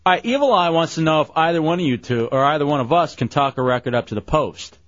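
A man's voice: a little high, expressive, fast, a bit bright, no room sound, highs cut off. A man hosting a crude comedy radio show, teasing and mocking his co-hosts.

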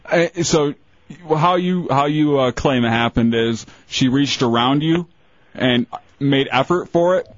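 A man's voice: mid-range voice, a little slow, dry recording. A man hosting a radio call-in show, probing with hesitant restarts from a studio mic. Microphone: studio microphone. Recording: dull radio broadcast sound.

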